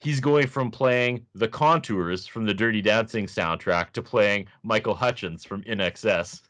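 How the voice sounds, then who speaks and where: A man's voice: on the low side, a little slow, fairly bright tone. A man co-hosting a casual review podcast, laughing often and making sarcastic asides. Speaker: podcast co-host.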